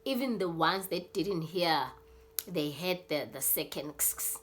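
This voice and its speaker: South African woman YouTuber, slow and lowish, casual rambling storyteller. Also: animated, a little hiss or hum. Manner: rambling, many fillers, acts out scenes.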